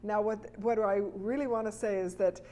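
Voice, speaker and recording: A middle-aged woman answering interview questions as a family relationship expert, earnest and animated, often acting out what a parent might say. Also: mid-range voice, moderate pace.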